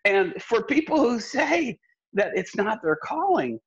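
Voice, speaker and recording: Male pastor, impassioned preacherly storyteller, husky timbre, muffled lo-fi audio. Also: very high voice, very animated, unhurried. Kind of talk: earnest conversational storytelling.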